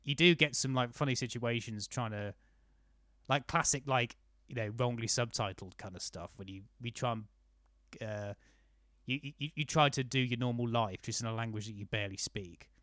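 A man chatting casually and spinning a long, rambling anecdote, stopping and restarting his sentences with plenty of fillers. His voice sits at an ordinary middle pitch. It is recorded dry and close, with no room sound. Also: normal speed, fairly bright tone, no echo. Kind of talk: casual chat.

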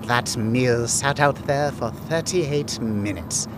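A woman's voice: extremely low pitch, slow, background noise. A woman hosting a comedic mock true-crime podcast with theatrical delivery. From Eastern Europe. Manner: theatrical, deadpan host delivery. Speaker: podcast host.

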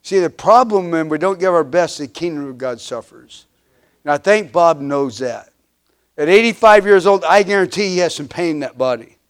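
A man's voice: fairly high pitch, animated, moderate pace, clear, resonant tone. A man in his fifties preaching a sermon as pastor, with emphatic repeated refrains, frequent restarts and filler uhs, his volume swelling and dropping. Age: 50s.

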